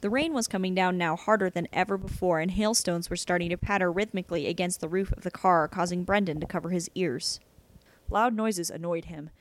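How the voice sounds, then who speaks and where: A woman narrating a novel aloud in a steady, even storytelling manner. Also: on the low side, a little fast, a little hiss or hum. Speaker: audiobook narrator.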